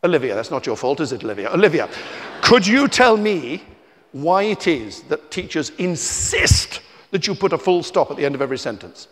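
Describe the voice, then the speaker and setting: A man, a children's author, telling stories to a young audience in a theatrical, teasing way, shifting between shouts and hushed asides, recorded on a tie-clip mic at an indoor festival venue. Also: on the high side, sing-song, normal speed. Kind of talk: live storytelling talk to children. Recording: reverberant hall.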